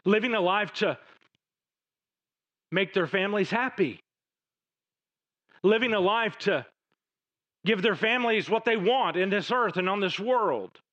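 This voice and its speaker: Bright, slow-preaching man. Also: sits high, lively intonation, highs cut off. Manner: emphatic, swings between raised and hushed delivery. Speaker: pastor. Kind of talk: sermon.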